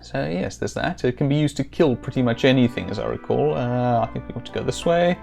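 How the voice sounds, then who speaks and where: A man's voice: medium pitch, fairly quick, creaky, darkish tone, faint music behind. A man streaming a video game, chatting casually and rambling with dry, self-amused jokes. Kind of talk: casual let's-play commentary.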